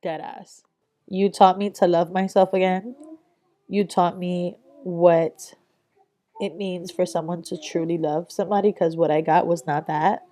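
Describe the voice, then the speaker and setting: A woman's voice: lowish voice, fairly even intonation, a little slow, mellow. A young adult woman vlogger giving a candid, reflective voice-over, casual and swearing freely.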